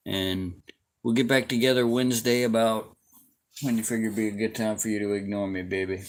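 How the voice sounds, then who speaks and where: A man's voice: on the low side, fairly even intonation, fairly quick, poor audio. A man in his fifties hosting a livestream, chatting casually with his viewers in a laid-back, folksy way with frequent chuckles. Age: 50s. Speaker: livestream host.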